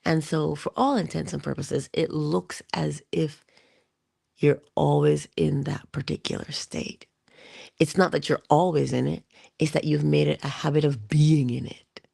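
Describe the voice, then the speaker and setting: A woman giving an inspirational monologue to her listeners. She speaks deliberately, addresses them directly and drops into whispers for emphasis. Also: sits low, fairly even intonation, vocal fry, mellow, husky, no echo, studio quality. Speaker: motivational speaker.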